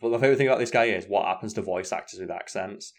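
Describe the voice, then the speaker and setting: A man's voice: lowish voice, rapid-fire. A man co-hosting a stream in casual chat, blunt and swearing often.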